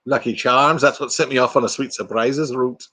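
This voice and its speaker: A man's voice: mid-range voice, steady tone, moderate pace, bright, forceful tone. An older man from Texas with a Texan accent, hosting a casual live chat and joking around with silly bits. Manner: jokey, slips into silly bits and voices. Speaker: livestream host.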